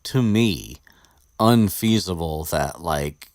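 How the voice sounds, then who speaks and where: A low-voiced man rambles through a casual podcast chat, swearing freely and restarting his sentences. The sound is dry and close, with no room echo. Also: expressive, slow pace, darkish tone. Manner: rambling, profane, restarts often. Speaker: podcast host discussing a book.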